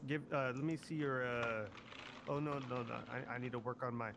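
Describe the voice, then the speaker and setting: A man from Kansas chatting casually during an online game role-play, loud and excitable, swearing often and restarting his sentences. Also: mid-range voice, moderate pace, noisy background. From Kansas, USA.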